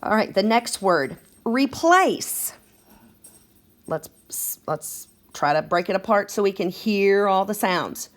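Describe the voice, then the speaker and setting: A woman's voice: medium pitch, expressive, slow. A woman teaching a second grade phonics lesson, patient and encouraging as she sounds out words for children.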